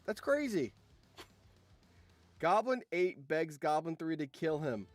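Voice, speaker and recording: A man hosting a channel, giving casual reaction commentary on a game simulation, swinging from low muttering to excited shouts. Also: slow pace, faint music behind. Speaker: channel host and streamer.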